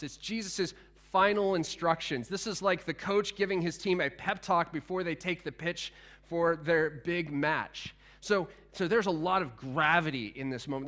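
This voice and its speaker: A man preaching a sermon in a conversational, animated way, with frequent restarts and asides to the congregation. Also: a little high. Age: adult, past teenage years. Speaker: pastor.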